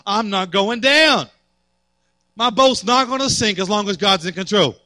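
A man's voice: high-pitched, bright, forceful tone, no echo. A man preaching a sermon as pastor, building fervor and acting out quotes.

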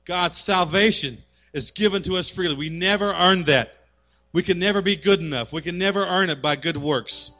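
A man's voice: high voice, moderate pace, sharp tone, dry recording. A man preaching a sermon as pastor, building fervor and acting out quotes.

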